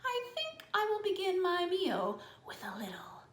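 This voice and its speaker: A woman's voice: very high voice, huge pitch swings, measured pace, fairly bright tone, reverberant, voice pushed up, heavily acted. A woman voicing a sly, hungry male crocodile in a storybook, in a whispered role-play with a coaxing manner.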